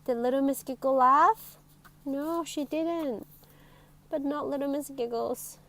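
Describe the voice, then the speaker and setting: A woman reading a children's picture book aloud, telling the story in an expressive, animated way. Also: sits high, takes it slowly.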